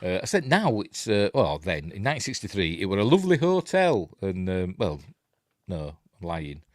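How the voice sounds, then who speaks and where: A man's voice: deep voice, very animated, moderate pace, dry recording. A man with a Yorkshire accent giving casual, rambling film commentary, often correcting himself and chuckling at his own asides. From England. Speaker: film reviewer.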